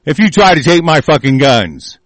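A man's voice: fairly high pitch, very animated, moderate pace, dry recording. A man from the United States in an angry, profane political rant, full of threats. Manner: furious, profane, shouting threats.

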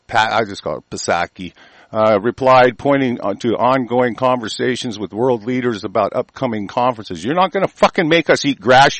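A man's voice: on the high side, no room sound, rough recording. A man hosting a talk show, delivering an angry political rant packed with profanity and insults. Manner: swears constantly, shouting insults.

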